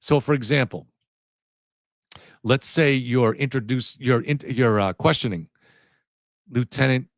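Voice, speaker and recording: A man of middle pitch talks on a casual livestream, wandering through his points and often starting sentences over. The sound is dry and close, with no room echo. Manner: rambling, restarts mid-sentence, chats with viewers. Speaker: livestream host.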